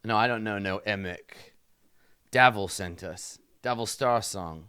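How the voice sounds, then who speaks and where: A man voicing a gruff union-minded thug. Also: fairly low pitch, a little slow, sharp tone, no echo, studio quality. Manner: blunt, touchy, lecturing about labor. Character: gruff male thug, pro-union, ungrammatical. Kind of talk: tabletop game character voice.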